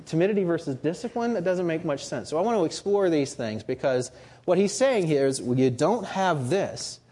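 Male preacher, husky tone, animated delivery, earnest and emphatic. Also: on the high side, moderate pace. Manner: earnest, rising to emphatic rhetorical questions. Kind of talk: sermon.

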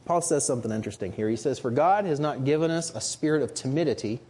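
Male preacher, husky tone, animated delivery, earnest and emphatic. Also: mid-range voice, quick pace. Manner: earnest, rising to emphatic rhetorical questions. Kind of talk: sermon.

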